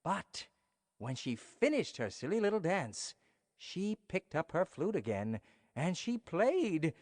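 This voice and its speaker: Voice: mid-range voice, big pitch swings, slow pace. Playful bedtime storyteller, reverby hall. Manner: playful, addresses listeners directly. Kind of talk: reading a bedtime story to children.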